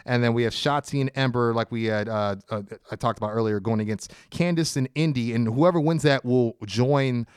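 A man's voice: mid-range voice, a little fast, hardly any pauses, darkish tone, clear, resonant tone, no echo, studio quality. A man co-hosting a casual podcast, giving a detailed play-by-play recap with frequent filler words. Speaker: podcast co-host. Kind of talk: casual wrestling podcast chat.

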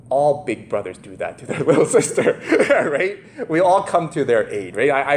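A medium-pitched man delivers a casual sermon, the recording carrying a little hiss or hum. He brings the story's characters to life in their own voices, staying animated and loose with many fillers and laughs.

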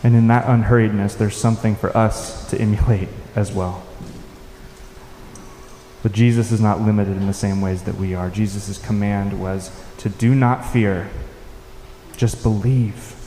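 Mellow-voiced pastor in an echoey hall. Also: male voice, on the low side, fairly even intonation, a little hiss or hum. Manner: unhurried, reflective, with soft-spoken quoted lines. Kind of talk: sermon. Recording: echoey hall with faint ambience.

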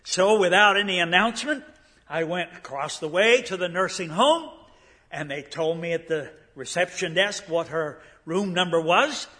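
A man's voice: high voice, animated, normal speed, sharp tone. Older man preaching in folksy style. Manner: folksy, with frequent fillers and restarts. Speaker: guest preacher. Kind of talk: sermon storytelling. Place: church sanctuary.

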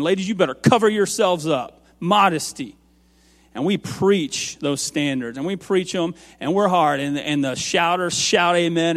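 A man on a church's music staff, preaching an earnest sermon that moves from quiet asides to raised, emphatic lines. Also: on the high side, long reverb tail.

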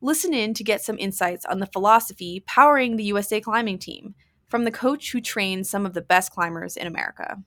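A woman hosting a podcast, reading a scripted intro and sponsor spot in a smooth, even, polished way. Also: medium pitch, fairly quick, no echo, clean studio sound. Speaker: podcast host and ad reader. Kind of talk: scripted narration.

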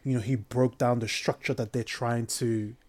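A man's voice: mid-range voice, fairly even intonation, moderate pace, darkish tone. A man, co-hosting a casual football chat, blunt and opinionated with some swearing. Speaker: podcast co-host.

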